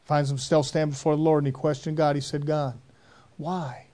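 Folksy preacher man, mellow voice. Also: fairly high pitch, little pitch movement, fast. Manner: folksy, rambling storytelling with dialect grammar. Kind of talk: sermon.

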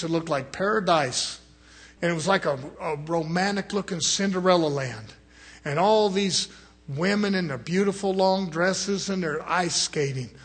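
Husky preacher man, fiery and hushed by turns. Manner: swings from loud rising exhortation to low murmured asides; mimics other people in quoted voices. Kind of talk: sermon.

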